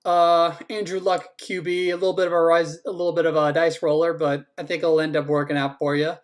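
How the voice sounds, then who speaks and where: A man's voice: on the high side, little pitch movement, brisk. Joking man reviewing fantasy draft picks. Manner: joking, teasing, swears casually. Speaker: fantasy football league commissioner. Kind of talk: casual team-by-team draft rundown.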